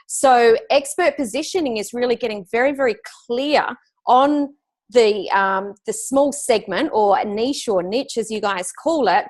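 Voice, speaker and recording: A middle-aged woman speaking as a business coach guest, her voice sitting a little high. She explains things in an emphatic, upbeat way and laughs easily, heard through a video call. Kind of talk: casual interview answers.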